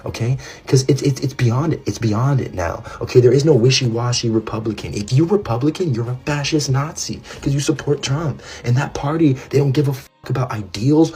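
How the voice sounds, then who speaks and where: A man in an angry, profane political rant that swings between loud and hushed. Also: lowish voice.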